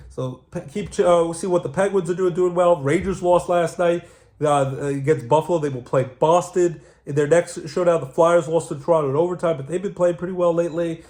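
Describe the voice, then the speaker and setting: Sex: man. Role: sports show host. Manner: rambling, fillers, fairly high voice. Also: darkish tone. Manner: rambling, hops between topics with fillers. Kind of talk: casual solo sports talk.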